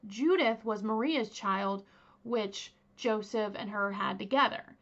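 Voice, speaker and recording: A woman's voice: medium pitch, takes it slowly, fairly bright tone, muffled recording. A young woman casually telling a true crime story as host, chatty, with many fillers and asides to her viewers.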